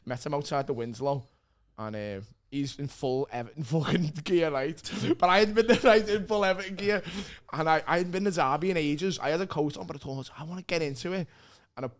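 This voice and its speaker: A man's voice: a little high, a little fast, few pauses. A man with a Liverpool accent, a guest comedian telling stories in casual chat, laughing and swearing as he goes.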